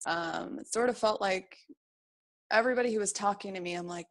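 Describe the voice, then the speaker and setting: A woman with a mid-range voice speaks fairly quickly as an interview guest. In this reflective conversation she talks earnestly and encouragingly about feelings and beliefs, often quoting her own inner thoughts aloud.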